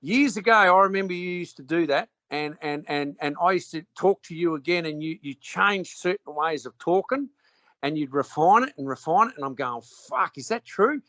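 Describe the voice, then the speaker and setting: A man's voice: a little high, animated, normal speed, a bit bright. A man arguing heatedly on a call, swearing constantly and throwing questions back at the other speaker. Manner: profane, combative, repeats questions back. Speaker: call participant.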